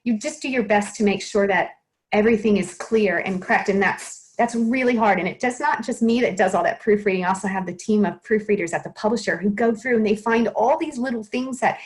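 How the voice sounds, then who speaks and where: A woman's voice: medium pitch, brisk, poor audio. Woman, author and illustrator, chatty, self-deprecating, restarts often, casual interview.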